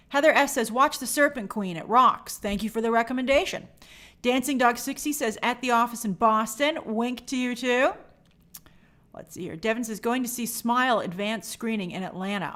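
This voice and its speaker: Woman host, fairly high and very lively voice, chatty live-stream banter reading out viewer comments. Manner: reads viewer comments aloud and answers them chattily; animated, bubbly sign-offs. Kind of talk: casual livestream chat.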